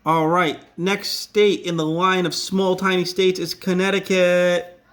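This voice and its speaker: A man's voice: high voice, little pitch movement, measured pace, fairly bright tone. A man with a Rhode Island accent teaching a casual classroom lesson, chatty and full of joking asides.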